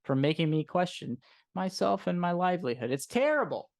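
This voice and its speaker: A man's voice: high voice, very animated, brisk, vocal fry. A man in his thirties co-hosting a movie stream, talking in casual chat with a sarcastic, teasing manner. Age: 30s. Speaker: co-host.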